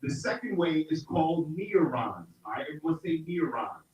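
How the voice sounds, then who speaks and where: A man's voice: fairly high pitch, very animated, moderate pace. A middle-aged man from South Carolina teaching a hip-hop rhyming workshop to a group, upbeat and playful, with call-and-response. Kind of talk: interactive workshop lesson. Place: indoor room with an audience. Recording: roomy, distant, dull sound.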